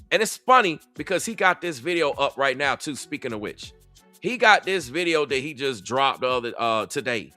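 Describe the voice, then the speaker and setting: A man's voice: mid-range voice, sharp tone. A man with a Southern US accent giving heated, repetitive reaction commentary as a content creator. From Southern United States. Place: Atlanta.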